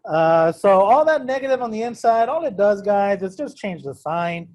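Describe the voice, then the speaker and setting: A man leads a math lesson in a classroom, his voice sitting a little high. He is casual and self-deprecating, and he keeps checking in with the class as he goes. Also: lively intonation, moderate pace, a little mellow. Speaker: math teacher. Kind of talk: classroom lecture. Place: classroom with students also on a video call.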